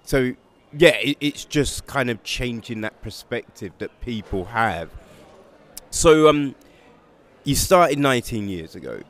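A man's voice: medium pitch, animated, slow pace. Man, interviewer, casual questions, filler words. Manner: loose, informal questions with fillers.

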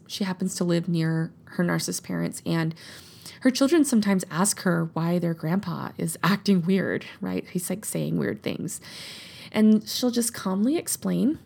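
A woman coach in her thirties giving a gentle, reassuring teaching talk and often checking in with "right?". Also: medium pitch, vocal fry, husky.

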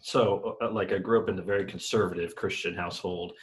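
A low-voiced man from Texas hosting a podcast. He talks in a relaxed, easygoing way, speaking plainly and conversationally. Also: a little fast, low-quality recording. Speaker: podcast host. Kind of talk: casual interview chat.

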